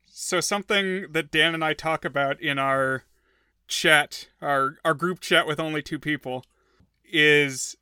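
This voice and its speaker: Podcast cohost guy, bright crisp voice, dry close mic, wry thinking-out-loud. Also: a little high, measured pace, no echo. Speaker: podcast co-host. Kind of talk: casual review chat.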